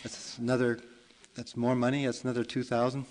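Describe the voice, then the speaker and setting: A man's voice: medium pitch, little pitch movement, fairly quick, a little mellow, lightly acted. A man doing a greedy merchant, smug, scheming, storytelling aside. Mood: gloating.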